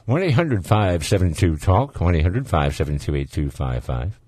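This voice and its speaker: A folksy man with a Southern US accent hosts a call-in radio show in an easygoing, chatty way. His voice sits very low, and the sound is close and dry with no room around it. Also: animated, moderate pace, a little mellow, slightly rough, no room sound. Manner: folksy, easygoing, laughs often. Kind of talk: casual call-in radio chat.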